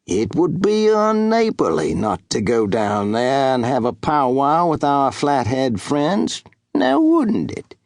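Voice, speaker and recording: A man voicing a cunning, treacherous one-eyed fur brigade captain with an English accent, quiet and commanding. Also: fairly high pitch, animated, a little slow, dry recording, clean studio sound, pitched above the performer's own voice. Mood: sly.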